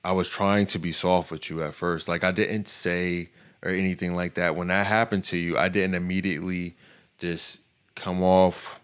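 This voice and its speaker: A young adult man, a podcast co-host, talking candidly with his wife, halting and defensive, often restarting his sentences. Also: low-pitched, little pitch movement, smooth. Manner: defensive, halting, repeats himself. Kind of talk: candid couple's conversation.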